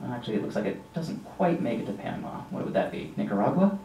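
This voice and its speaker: A man giving a casual slideshow lecture about nature, relaxed and rambling with frequent ums and asides. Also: fairly low pitch, quick pace, creaky, slight background noise. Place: lecture room with an audience. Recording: echoey room from a distance.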